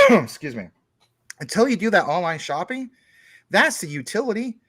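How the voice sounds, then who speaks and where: A man's voice: high-pitched, sing-song, moderate pace, a bit bright, slightly rough, dry recording, studio quality. A man talking as a guest on a casual chat show, explaining things at length through long everyday analogies.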